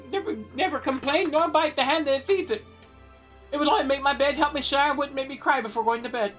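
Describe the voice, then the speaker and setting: A woman's voice: high-pitched, voice pushed up. A woman voicing a pompous would-be male supervillain who still lives with his mother, ranting grandly as she reads game dialogue aloud. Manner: grandiose, ranting, then nervous and pleading.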